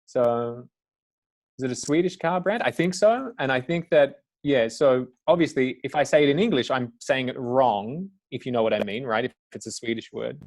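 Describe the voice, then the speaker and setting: A man's voice: mid-range voice, normal speed. Chatty man hosting a webinar Q&A. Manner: reads out audience questions, loose and chatty. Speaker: webinar host. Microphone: video call.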